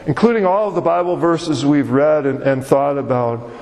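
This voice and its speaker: A man's voice: fairly high pitch, moderate pace, darkish tone. A man preaching a sermon as pastor, with an emphatic, repetitive cadence. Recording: long hall reverb.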